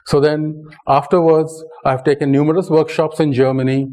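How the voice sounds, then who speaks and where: A man's voice: on the high side, level tone, normal speed, warm tone, rough recording. A man with an Indian English accent giving a conversational public lecture full of anecdotes, often checking in with "right?". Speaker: speaker giving a talk.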